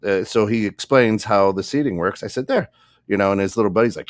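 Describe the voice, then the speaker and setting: A man with a low-pitched voice tells a funny story on a podcast, laughing often and slipping into the voices of the people in it. The studio sound is dry and close. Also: brisk, dry recording. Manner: animated, laughing, acts out voices in anecdotes. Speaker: podcast co-host. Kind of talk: casual storytelling. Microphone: studio microphone.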